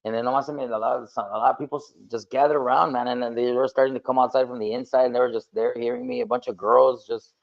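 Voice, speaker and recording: A man's voice: medium pitch, expressive, fast talker, gravelly, few pauses, lo-fi sound. A man appearing as a guest singer on a podcast, talking casually and switching between English and Spanish.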